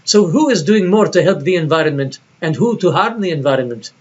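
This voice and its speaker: A man voicing a proud male Bedouin herder in a measured, stately accent from an old film, in a dull lo-fi recording. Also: a little high, animated. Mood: lecturing.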